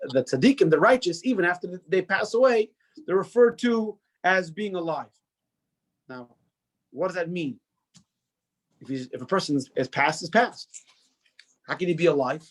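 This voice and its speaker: Chatty man teaching a class. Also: high-pitched. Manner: conversational, many restarts, asks the class questions. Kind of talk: informal classroom lecture.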